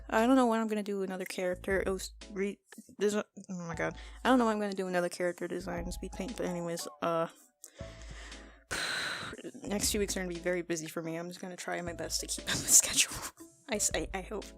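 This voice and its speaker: A woman's voice: on the low side, steady tone, quick pace. Teenage girl, casual storytime, rambling, self-correcting, laughing, faint background music. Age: teens. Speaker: art vlogger. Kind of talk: casual storytime over a speedpaint.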